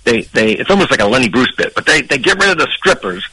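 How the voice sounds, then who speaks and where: Older man, comedian, husky voice, bright tone, animated storytelling, podcast guest. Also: mid-range voice, quick pace, low-quality recording. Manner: animated, acts out people in his anecdotes.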